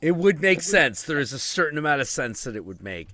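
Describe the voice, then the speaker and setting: Animated, bright-voiced, profane man. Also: fairly high pitch, fairly quick. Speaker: host. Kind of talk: casual stream chat.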